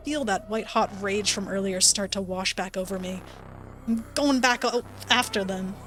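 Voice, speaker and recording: A woman's voice: medium pitch, steady tone, normal speed, a bit bright, slight background noise. A woman streamer playing a story game, reading its text aloud with playful asides. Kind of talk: let's-play narration reading a visual novel aloud.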